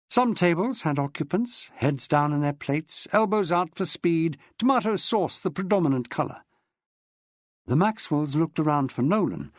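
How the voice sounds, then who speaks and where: A man narrating a novel as an audiobook, with an expressive storyteller's lilt. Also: on the high side, no room sound, clean studio sound.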